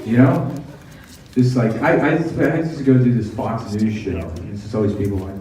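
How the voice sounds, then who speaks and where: A man doing a sardonic stand-up set on a club stage, tossing in quick mock voices. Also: on the low side, expressive, noisy background. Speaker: stand-up comedian. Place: comedy club stage with audience laughing. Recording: echoey live room, heard from a distance, crowd laughter. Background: audience laughter.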